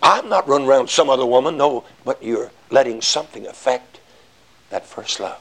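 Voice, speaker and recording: A man preaching a sermon in a folksy way, swinging from low, quiet asides to loud shouted emphasis. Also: moderate pace. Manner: folksy, rises to shouting emphasis, acts out little dialogues.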